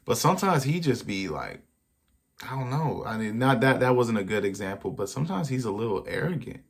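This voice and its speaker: A man's voice: mid-range voice, sing-song, a little fast, gravelly, breathy edge. A man hosting a reaction video, rambling in a casual, slangy way as he thinks aloud.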